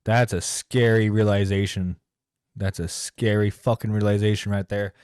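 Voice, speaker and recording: A man's voice: fairly low pitch, level tone, moderate pace, darkish tone, clean tone, no room sound, studio quality. A man hosting a stream, talking casually while reacting to a clip, rambling, swearing and exasperated. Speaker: streamer host. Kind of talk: profane casual commentary.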